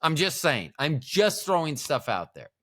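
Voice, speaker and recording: A man in middle age riffs playfully through a casual podcast chat. His voice is bright and a little high, swinging widely in pitch as he rambles from one joke to the next. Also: very animated, unhurried. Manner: rambling, playful, jokey asides. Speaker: podcast co-host.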